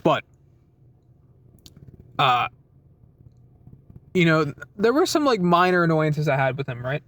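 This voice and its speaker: A man's voice: a little high, big pitch swings, takes it slowly, fairly bright tone. A young man vlogging casually from his car, rambling and swearing a lot, saying "dude" and "man" often.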